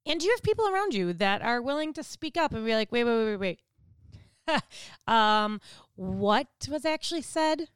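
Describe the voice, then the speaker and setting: Smooth-voiced woman giving a devotional talk. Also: a little high, no room sound, studio quality. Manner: conversational, asks listeners direct questions. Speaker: devotional speaker. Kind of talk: devotional teaching.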